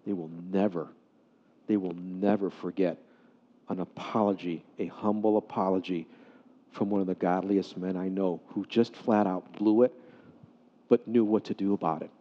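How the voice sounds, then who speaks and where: A man preaching a sermon, telling a story with animated swings between loud excitement and hushed softness. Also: low voice, normal speed. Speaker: pastor. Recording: dull sound in a hall with long reverb.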